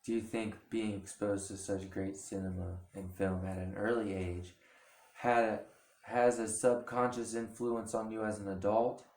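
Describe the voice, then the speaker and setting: A woman's voice: rumbling low, steady tone, measured pace, a little mellow, echoey room. A woman interviewer asking questions in a casual chat, encouraging and laughing often.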